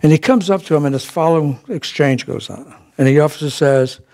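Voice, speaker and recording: A man's voice: fairly high pitch, fairly quick, vocal fry, darkish tone. A man giving a casual sermon at a spiritual center, folksy and chuckling, with many fillers and restarts. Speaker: spiritual practitioner giving a talk.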